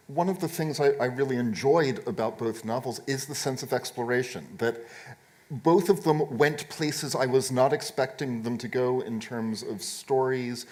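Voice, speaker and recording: Measured man moderating a panel. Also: mid-range voice. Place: live event stage.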